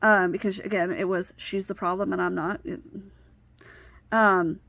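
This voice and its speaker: Woman in her 30s telling her story, bright voice, fired up and indignant, dry close sound. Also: mid-range voice, fairly even intonation, unhurried, gravelly, no room sound. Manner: emotional, indignant retelling. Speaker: vlogger. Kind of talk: personal storytelling.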